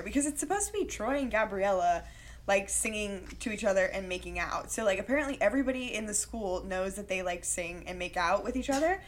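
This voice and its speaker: A young woman co-hosting a relaxed chat show, talking fast and loose with a steady stream of "like" fillers. Her voice sits at an ordinary middle pitch, and she sounds animated and conversational. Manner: chatty, animated, full of "like" fillers. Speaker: podcast co-host. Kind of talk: casual chat recapping a movie.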